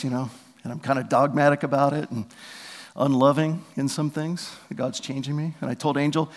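A man's voice: mid-range voice, steady tone, brisk. A man preaching a sermon as pastor, telling stories in a conversational way and acting out what people said. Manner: conversational storytelling, acting out quotes. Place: church sanctuary. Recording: long reverb of a large hall.

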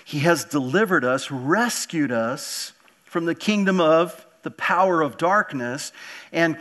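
Earnest man preaching, higher-pitched voice. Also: a bit bright. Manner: earnest, repeats words, asks the room questions. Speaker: pastor. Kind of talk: sermon.

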